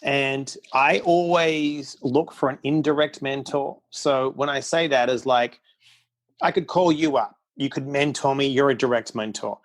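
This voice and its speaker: Blunt, candid man telling his story. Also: mid-range voice. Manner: candid, blunt, fast storytelling with acted quotes. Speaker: podcast guest. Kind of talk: casual storytelling interview.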